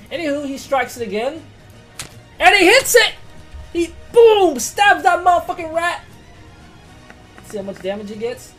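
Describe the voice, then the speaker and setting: A woman running a tabletop game as game master, excitable and swearing, swinging from quiet to loud. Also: very high-pitched, measured pace, pauses often, faint music behind.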